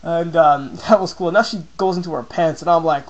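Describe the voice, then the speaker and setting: A young man talks through a game battle he played, in loose, casual commentary. His voice sits a little high for a man, and he keeps jumping up into excited, squeaky asides when he quotes his own reactions. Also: moderate pace, dull audio.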